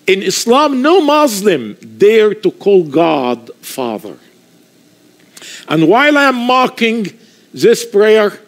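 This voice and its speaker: A man from Egypt with an Egyptian accent, giving his testimony as a passionate preacher in non-native English, telling his story dramatically. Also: high voice. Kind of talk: testimony sermon.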